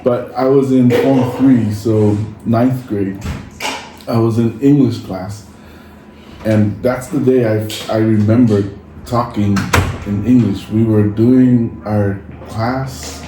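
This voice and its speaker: Speaking slowly in a fairly low voice, a Samoan man whose first language is Samoan co-hosts a podcast of casual storytelling chat. He's animated and acts out the lines he quotes. The room echoes, the mic is distant, and there's faint noise.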